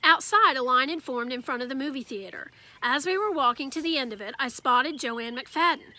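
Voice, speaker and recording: Woman reading a kids' novel aloud, high voice, bright and lively. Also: normal speed. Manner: lively storytelling narration. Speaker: reader.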